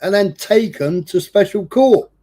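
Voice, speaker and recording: A high-pitched, slightly slow-speaking man from England hosts a livestream, chatting casually through a long story. He swears constantly and livens it up by acting out the voices of those he quotes.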